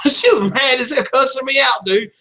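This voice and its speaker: A man's voice: very high-pitched, unhurried, bright, forceful tone, poor audio. A man telling a candid personal story in casual chat, rambling and blunt, swearing freely. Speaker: channel host.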